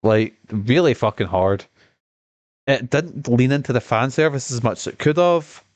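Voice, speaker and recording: A man commenting on a game during his stream, rambling, profane and excitable, with a cough. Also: medium pitch, moderate pace, no echo. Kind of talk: casual gaming stream commentary.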